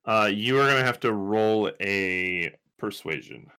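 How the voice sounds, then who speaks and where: A man's voice: on the low side, expressive, a little slow, bright, forceful tone, clean tone. A man running a tabletop role-playing game as game master, dry and laid-back.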